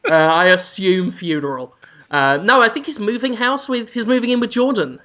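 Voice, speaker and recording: A man's voice: high voice, normal speed, sharp tone. A man from the United Kingdom co-hosting a podcast, telling a rambling story in a wry, casual way. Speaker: podcast co-host. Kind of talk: casual chat.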